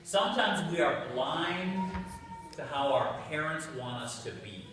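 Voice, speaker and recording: High-voiced priest coaxing children. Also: male voice, animated, a little slow. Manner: chatty, coaxing, asks kids questions. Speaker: priest giving a children's homily. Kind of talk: interactive homily with children. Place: large church. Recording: echoey church from far off.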